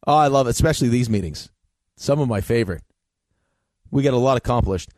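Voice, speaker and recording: A man's voice: mid-range voice, lively intonation, quick pace, a little mellow, no echo. A man co-hosting a radio show, throwing playful, teasing replies into the banter. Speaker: radio co-host. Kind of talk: casual morning radio banter. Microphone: studio microphone.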